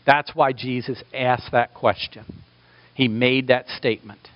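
A man's voice: medium pitch, steady tone, unhurried, no echo, lo-fi sound. Impassioned preacher, man, dry sound. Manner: impassioned, rising to emphatic peaks. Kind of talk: sermon.

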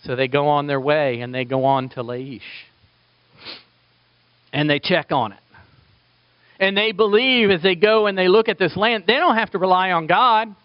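A man preaching a sermon as pastor, animated and acting out quoted voices. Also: high voice, moderate pace, long pauses, clear, resonant tone, no echo, lo-fi sound.

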